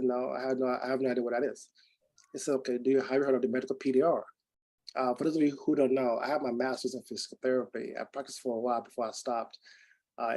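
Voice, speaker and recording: Mellow-voiced man telling a story. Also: medium pitch, low-quality recording. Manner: animated, acts out quoted dialogue with many restarts. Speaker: speaker giving a testimonial. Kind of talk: personal storytelling to a group.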